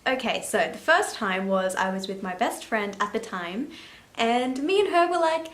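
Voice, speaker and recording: A young woman in her late teens telling a story to camera in a chatty, animated way, laughing and swearing casually. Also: a little high, moderate pace, reverberant. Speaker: vlogger. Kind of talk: story time chat.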